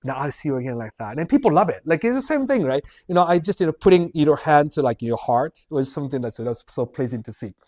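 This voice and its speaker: A man's voice: a little high, animated, brisk, hardly any pauses, a little mellow. Chatty man hosting a livestream Q&A. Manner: chatty, rambling, reads viewer questions aloud and laughs. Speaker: livestream host answering viewer questions. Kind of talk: casual livestream Q&A.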